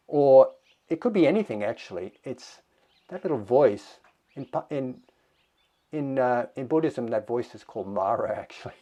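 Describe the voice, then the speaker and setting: A man giving a dharma talk as a meditation teacher, in a slow, reflective way with thoughtful pauses. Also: medium pitch, warm tone.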